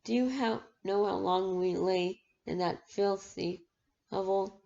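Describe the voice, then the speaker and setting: A soft, menacing male thug from a storybook, sneering and cruel, as a woman reader puts him on. The voice is gravelly and raised a little above her reading voice. The recording sounds dull and lo-fi. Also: mid-range voice, steady tone, unhurried.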